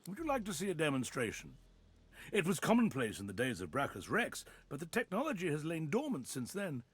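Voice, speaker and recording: A man's voice: fairly high pitch, huge pitch swings, fairly quick, slightly rough, full character voice. Smug cruel judge guy from a video game, silky and condescending, voice swoops up and down a lot. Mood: menacing. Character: smug zealous male high judge, cruel.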